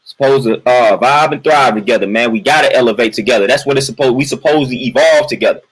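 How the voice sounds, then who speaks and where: A livestream host vents in a casual monologue, repeating his points emphatically, tacking "man" onto his lines and greeting viewers from chat along the way. He talks fast at a medium pitch with a husky voice, and the recording is low quality.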